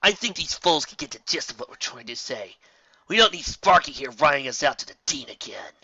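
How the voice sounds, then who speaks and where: A man's voice: fairly high pitch, very animated, fairly quick, pushed and bright, breathy edge, no room sound, muffled recording, pitched above the performer's own voice, full character voice. Frosty, a man doing a smug teen bully pony. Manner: smug, mocking.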